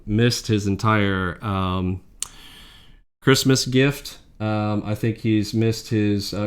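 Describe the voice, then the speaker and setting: Guy ranting hard on his trading channel, mocking and indignant, gets loud then mutters low. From Mexican heritage. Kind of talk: heated commentary rant.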